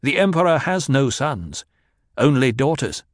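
A man's voice: mid-range voice, sing-song, measured pace, no room sound, pitched above the performer's own voice. Proud young duke heir, icy and commanding, a man narrating does him, dry close sound.

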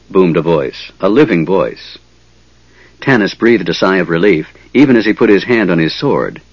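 A man narrating a fantasy audiobook in a measured, dramatic storytelling manner. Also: sits low, expressive, dry recording, muffled recording.

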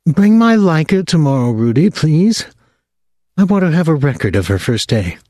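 A man's voice: a little high, sing-song, normal speed, darkish tone, no room sound, clean studio sound, voice pushed up. A man voicing a tired new mother. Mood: eager. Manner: strong, eager request. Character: exhausted new mother, weak but firm.

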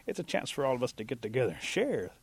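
A man's voice: mid-range voice, big pitch swings, quick pace, husky. A man voicing a big friendly bear leader. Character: big male bear, easygoing leader of animals.

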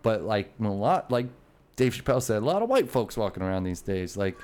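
A man's voice: fairly low pitch, sing-song, a little fast, a little mellow. A rambling man chatting casually. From Maryland, between DC and Baltimore. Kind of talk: casual podcast chat.

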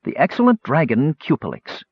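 A man voicing a blunt, forthright young woman warrior, raising his pitch for her. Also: huge pitch swings, moderate pace, husky, no echo, dull audio, exaggerated voice.

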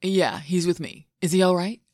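A woman reading a calm, reassuring man. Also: fairly low pitch, normal speed, no echo, clean studio sound, natural voice.

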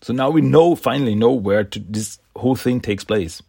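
A man's voice: medium pitch, moderate pace, gravelly, warm tone, breathy edge, dry recording. A man casually recapping a comic book issue, enthusiastic and rambling, often laughing and restarting words.

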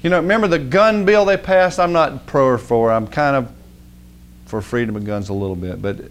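Folksy animated male preacher. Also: mid-range voice, brisk. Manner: folksy, conversational preaching with chuckles and asides; animated, rising to emphatic outbursts. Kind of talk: sermon.

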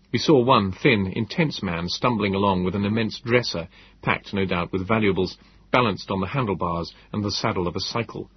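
Very husky low male narrator. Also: dull audio. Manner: measured, descriptive storytelling. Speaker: audiobook narrator. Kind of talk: scripted narration.

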